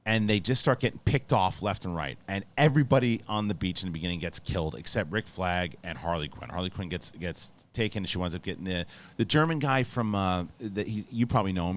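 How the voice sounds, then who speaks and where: A man hosting a movie review show, giving an excited, rambling spoiler review with lots of swearing and restarted sentences. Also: low-pitched, brisk.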